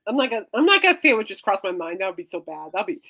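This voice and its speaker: A woman's voice: mid-range voice, very animated, racing, pushed and bright. A woman hosting a podcast in casual chat, playful and teasing, rambling from joke to joke. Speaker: podcast host.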